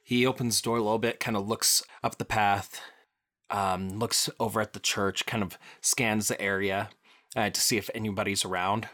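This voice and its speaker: A man's voice: on the low side, level tone, moderate pace, a bit bright. A man acting as game master, narrating a tabletop role-play with many fillers and frequent laughs.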